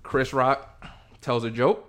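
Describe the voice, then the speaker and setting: A man's voice: medium pitch, fairly even intonation, slow, fairly bright tone. A man hosting a casual podcast, talking in a laid-back, slangy and profane way as he lays out his points step by step. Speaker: podcast host.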